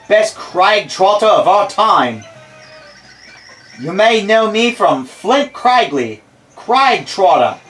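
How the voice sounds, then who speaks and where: Guy putting on a cocky game tv adventurer, fake aussie accent, high theatrical voice, sarcastic. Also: fairly bright tone, full character voice, rough recording. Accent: put-on Australian accent. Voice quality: theatrical announcer delivery, sarcastic asides. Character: boastful male TV adventurer host, vain, impatient. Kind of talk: reading game dialogue aloud.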